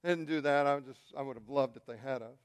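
A male pastor preaching a sermon, telling a story and swinging from quiet, intimate asides to loud, shouted peaks. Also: mid-range voice, quick pace, clean tone.

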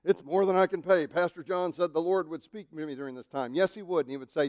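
A male pastor delivers a lively sermon in a high voice. He is animated, slipping into quoted voices and jokes. The sound is dry and close. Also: quick pace, hardly any pauses, no room sound.

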